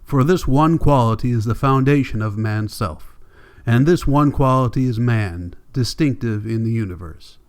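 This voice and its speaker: A man reading a classic novel aloud as an audiobook narrator, measured and deliberate, with long pauses. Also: medium pitch, a little mellow, clean tone. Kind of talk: scripted narration.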